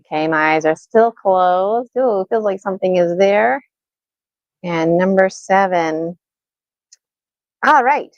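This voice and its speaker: A woman co-hosts a live stream, chatting loosely and thinking aloud as she goes. Her voice is smooth and clear, recorded dry over slightly dull stream audio. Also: medium pitch, slow, pauses often, no echo. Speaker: co-host and gemstone reader. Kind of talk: casual livestream talk. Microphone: video call.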